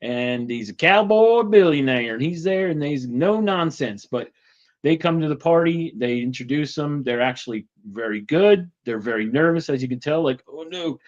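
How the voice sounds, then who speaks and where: A man's voice: a little high, animated, normal speed. Rambling man with muffled lo-fi sound. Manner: chatty, rambling with many fillers. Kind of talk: casual retelling.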